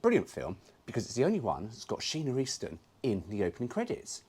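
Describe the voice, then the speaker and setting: Husky man with a lively voice. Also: medium pitch, fast. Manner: cheeky, sweary, jokey. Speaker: car vlogger. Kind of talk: casual chatty commentary.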